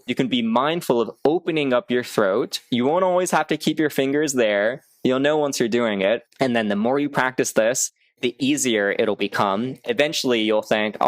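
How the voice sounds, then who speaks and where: A man from the United States runs a public speaking lesson at a middle pitch. His teaching is upbeat and clear, with sudden vocal demonstrations. The sound is close and dry, with no room around it. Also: moderate pace, few pauses, no room sound. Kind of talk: instructional video talk.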